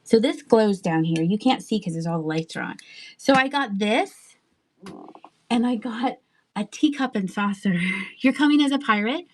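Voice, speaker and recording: Chatty woman host on a live selling stream, laughs a lot, rambles and trails off, thinks out loud. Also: on the high side, expressive, moderate pace. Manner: asides and trailing sentences. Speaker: live online seller. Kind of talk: live-stream sales chat.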